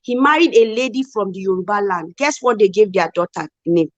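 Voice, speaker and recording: A woman's voice: mid-range voice, expressive, a little fast, no echo, highs cut off. A woman from Nigeria, co-hosting a casual live chat and arguing her points emphatically with rhetorical questions. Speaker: co-host.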